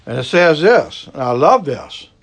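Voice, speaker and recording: Preaching with a lively, swooping voice, a Cajun pastor from the American South climbs high on each push and sinks to a low, hushed tone to land a point. His sermon is slow, deliberate and emphatic, circling back to key phrases and slowing down for stress.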